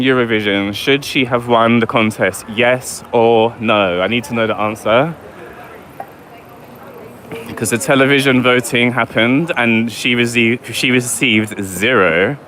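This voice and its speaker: A chatty man with a London accent and a lowish voice, talking on a live walking-tour stream. He reads viewer comments aloud as he goes. It is recorded outdoors on a city street, with faint traffic noise behind him. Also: a bit bright. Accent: London English. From England. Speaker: vlogger.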